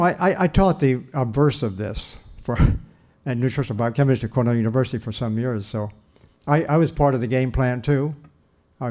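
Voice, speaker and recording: A man's voice: medium pitch, dark tone. An older man giving a lecture on nutrition in an earnest, emphatic way, often restarting his sentences. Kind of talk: lecture talk.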